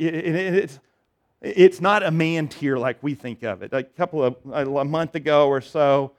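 Earnest middle-aged man preaching. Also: on the high side. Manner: earnest, conversational preaching with many restarts and swings between loud and soft. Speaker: pastor. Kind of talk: sermon.

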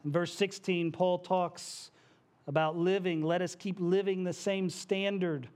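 A man's voice: high-pitched, steady tone, a little slow, darkish tone. A male pastor preaching a sermon to his congregation in a church, conversational, with asides and small jokes. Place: church sanctuary.

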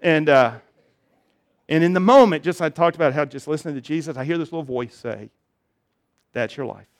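A man's voice: fairly high pitch, fairly quick. A man preaching a sermon, telling funny personal stories and building to emphatic appeals. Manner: storytelling, self-deprecating humor, rising emphatic appeals. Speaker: pastor.

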